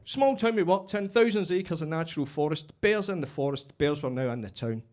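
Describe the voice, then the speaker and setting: Scottish man doing lively stand-up. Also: high-pitched, brisk. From Scotland. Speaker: stand-up comedian. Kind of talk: stand-up set.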